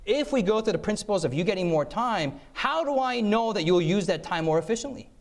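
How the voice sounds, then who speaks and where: A man's high, lively voice runs a little fast as he preaches about time management through stories. Engaging throughout, he checks in with "okay?" and "yes?" and acts out the voices he quotes.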